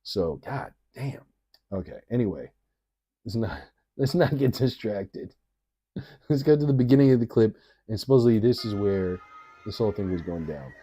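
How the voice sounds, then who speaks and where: A man's voice: on the low side, lively intonation, moderate pace, warm tone, slightly rough. A man reacting to a video in casual, rambling commentary, swearing freely and often laughing as he talks.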